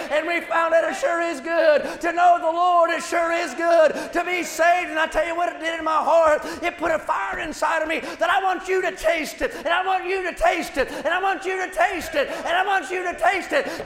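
A man's voice: very high voice, a bit bright. A man preaching a sermon at a large meeting, in a rhythmic, repetitive preaching cadence. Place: large meeting hall with a built platform. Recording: echoey hall with long reverb.

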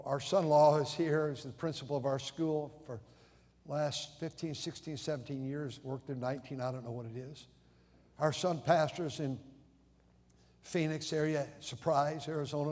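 Heard through long hall reverb, an older pastor preaches in a casual storytelling way, frequently stuttering and starting over. His voice is fairly high, a little mellow, and slightly rough.

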